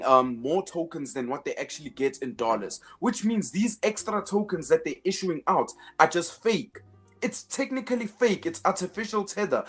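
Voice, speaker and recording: A man's voice: high-pitched, slightly rough. A man hosting a finance show in casual commentary, emphatic, repeating words as he builds each point, with sarcastic asides.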